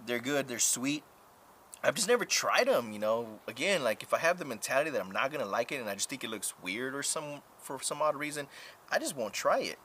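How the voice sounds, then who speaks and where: A man's voice: mid-range voice, very animated, fairly bright tone, slight background noise. A man live-streaming casual chat, talking frankly and profanely, rambling with lots of fillers while answering viewers. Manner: drawn-out filler-heavy talk.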